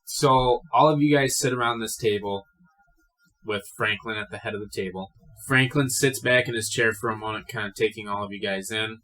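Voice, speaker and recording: Casual bright-voiced young male game master. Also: fairly low pitch, moderate pace, low-quality recording. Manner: casual, profane, with fillers. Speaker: dungeon master. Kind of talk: narrating a tabletop game.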